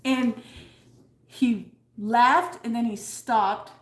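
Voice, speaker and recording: A woman's voice: fairly high pitch, fairly even intonation, very slow. Giggly woman in an echoey room. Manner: giggly, tells stories with frequent laughter and swearing. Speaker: live-stream co-host. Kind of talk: casual chat. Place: at home.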